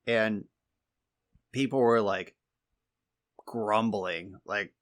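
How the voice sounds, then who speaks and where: A man's voice: on the low side, drawn-out words, long pauses, fairly bright tone. A man co-hosting a podcast, telling exasperated, wry stories in casual chat and swearing freely. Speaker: podcast co-host.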